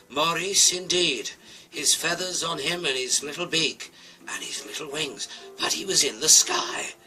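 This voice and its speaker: A man's voice: a little high, low-quality recording. Playful man telling a silly tale. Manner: playful, swings between hushed asides and loud exclamations. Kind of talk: absurd comic storytelling.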